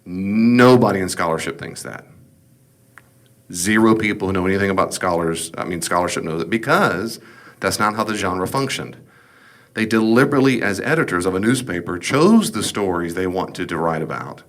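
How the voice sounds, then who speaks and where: A man's voice: low-pitched, animated, moderate pace, fairly bright tone. A man teaching a Bible study as pastor, talking emphatically and casually, full of rhetorical questions.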